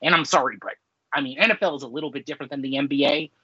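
Rambling husky man in his forties. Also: mid-range voice, racing, sharp tone, dry recording, highs cut off. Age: 40s. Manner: rambling, many "like" fillers, ranting. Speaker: podcast co-host. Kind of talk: casual chat.

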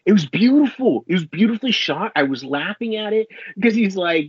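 Husky man ranting casually. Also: high voice, fairly quick, hardly any pauses, dry recording, lo-fi sound. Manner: profane, rambling, animated. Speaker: podcast co-host. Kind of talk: casual chat reviewing a show.

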